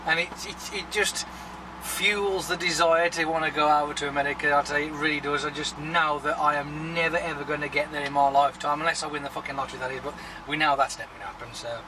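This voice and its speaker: A man's voice: on the high side, steady tone, quick pace, distant mic, background noise. A man chatting casually to his viewers in a rambling, sweary vlog, talking freely. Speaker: vlogger.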